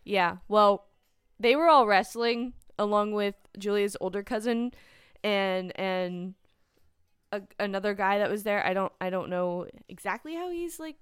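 A woman's voice: medium pitch, unhurried, smooth, dry recording, clean studio sound. A young woman chatting casually, telling rambling stories with lots of fillers and giggles. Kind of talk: casual chat.

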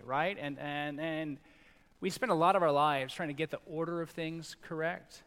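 A man's voice: fairly high pitch, moderate pace. Man preaching in an echoing hall. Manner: conversational, animated, acts out quotes. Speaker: pastor. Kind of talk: sermon. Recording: long reverb in a large hall.

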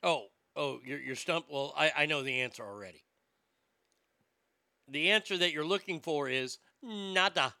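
A man's voice: fairly high pitch, moderate pace, pushed and bright, clean tone, dry recording, studio quality. A man delivering a blunt, sarcastic, profane opinion rant as a commentator.

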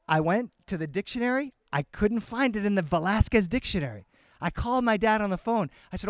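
A man telling a family story to a live audience, animated and switching between English and Spanish. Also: sits high, a little fast, dry recording, studio quality. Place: outdoor garden festival.

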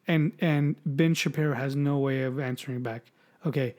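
On a podcast, a male co-host with a medium-pitched, somewhat mellow voice talks politics at a moderate pace and fairly even intonation. His chat is rambling and profane, full of mockery and repeated words.

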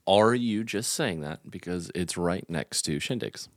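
Low-voiced playful man hosting a podcast. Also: animated, a little slow, no echo. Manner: playful, teasing. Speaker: podcast host. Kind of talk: casual interview.

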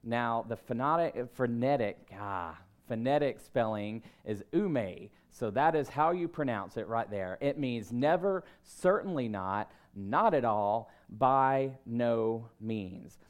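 A man in his thirties preaching a sermon, telling stories about himself in a relaxed, conversational way and breaking into emphatic bursts. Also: mid-range voice, slow pace, few pauses, clear, resonant tone. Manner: conversational, self-deprecating storytelling with emphatic bursts. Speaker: pastor.

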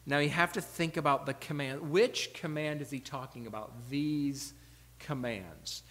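High, bright-voiced preacher in an echoing hall. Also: male voice, normal speed. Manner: earnest, rhetorical questions, swings between loud emphasis and quiet asides. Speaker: pastor. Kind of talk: sermon. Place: church sanctuary.

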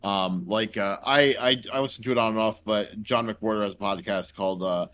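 A man's voice: on the low side, steady tone, normal speed, fairly bright tone, muffled recording. A young man from New Jersey co-hosting a casual podcast, rambling with lots of fillers. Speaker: podcast co-host. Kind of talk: casual chat.

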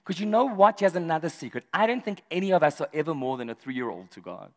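A man preaching a sermon in an animated, humorous way, often laughing as he talks. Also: a little high, fast talker, big-room sound. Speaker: pastor.

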